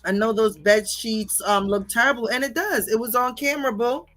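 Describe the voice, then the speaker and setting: A woman's voice: a little high, brisk, a bit bright. Profane, heated woman ranting on stream. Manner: profane, confrontational, repeats "okay?" and "bitch". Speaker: livestream host. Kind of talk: heated livestream rant reading viewer comments.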